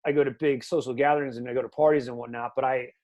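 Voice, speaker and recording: A man's voice: mid-range voice, fairly even intonation, very fast, darkish tone, muffled recording. A man in his thirties hosting a podcast in casual chat, rambling and loose, with lots of "like" and "you know". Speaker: podcast host.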